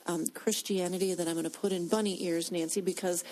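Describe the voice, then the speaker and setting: A woman with a lowish voice talks earnestly about faith. She often pauses with hesitant fillers as she gathers her thoughts. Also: fairly even intonation, a little mellow, low-quality recording. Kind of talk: Christian discussion.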